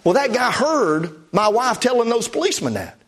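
A man with a notably high voice preaches from the pulpit. He tells a testimony story in a folksy, plainspoken way, stacking up "I said" asides. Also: sing-song, moderate pace, a bit bright. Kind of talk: storytelling sermon.

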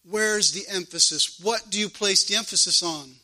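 Bright high-voiced fervent preacher man. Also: normal speed, rough recording. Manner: fervent preaching, repeating phrases for emphasis. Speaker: pastor. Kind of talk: sermon.

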